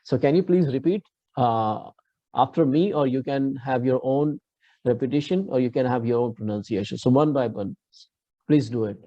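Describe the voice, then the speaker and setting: With an Indian English accent, a man gives a classroom lecture on English pronunciation, patiently explaining and having students repeat after him. His mid-range voice moves at a moderate pace, and the lo-fi recording has no room sound.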